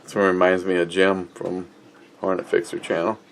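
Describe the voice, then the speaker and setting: A man's voice: low-pitched, monotone, normal speed, vocal fry, a little hiss or hum. A man hosting a casual beer review vlog, rambling off the cuff with many fillers and reading viewer comments aloud.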